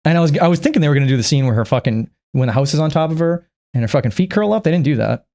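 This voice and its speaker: A man tears through a casual movie recap at a quick clip, swearing freely and rambling from point to point. His pitch swings widely, leaping into squeaky impressions of the characters before dropping back down. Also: lively intonation, dark tone. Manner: profane, rambling, acts out characters in squeaky voices. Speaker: movie reviewer.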